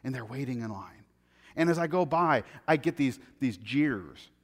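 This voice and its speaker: A man preaching a sermon, telling funny everyday stories in a chatty, animated way. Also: medium pitch, moderate pace. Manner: conversational, animated, self-deprecating anecdotes. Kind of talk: sermon with humorous storytelling. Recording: long hall reverb.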